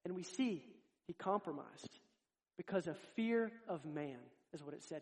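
A man with a notably high voice delivers a sermon. He is earnest and direct, and he addresses his congregation as if talking with each of them. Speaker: preacher.

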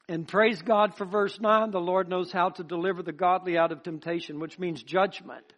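Here a man with a distinctly high, slightly bright voice gives a sermon at normal speed, keeping a steady tone with few pauses. His preaching climbs in a repetitive cadence, and he folds his personal testimony into it.

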